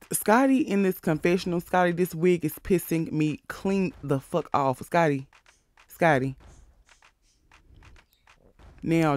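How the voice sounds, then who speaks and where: A man hosting a casual recap of a reality show, sassy, animated and profane as he talks. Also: fairly high pitch, dry recording.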